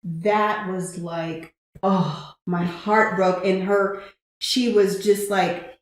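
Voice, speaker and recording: A woman co-hosting a casual movie review chat, talking in an animated way and acting out scenes. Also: mid-range voice, very slow. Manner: animated, acts out movie scenes in quoted voices. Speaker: podcast co-host. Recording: echoey room.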